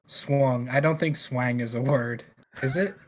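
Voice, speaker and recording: A man co-hosting a podcast in a relaxed, late-night way, trading dry jokes. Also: medium pitch, a little slow. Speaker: podcast co-host. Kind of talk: casual late-night chat.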